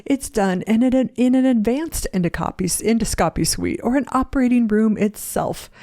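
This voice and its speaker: A woman's voice: fairly high pitch, moderate pace, warm tone, dry recording, voice pushed up, natural voice. A woman putting on a poor British accent to play a formal male doctor with a clinical manner. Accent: British, put on badly.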